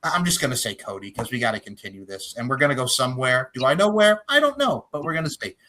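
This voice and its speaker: A man's voice: medium pitch, very animated, quick pace, bright, forceful tone. A man hosting a casual wrestling podcast, loose and profane, quizzing his co-hosts. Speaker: podcast host.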